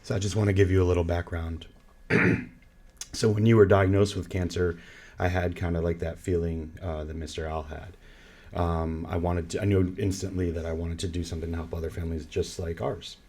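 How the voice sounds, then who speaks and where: A man hosting a podcast, speaking softly and reflectively in casual chat. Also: low-pitched, flat delivery, brisk. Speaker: podcast host.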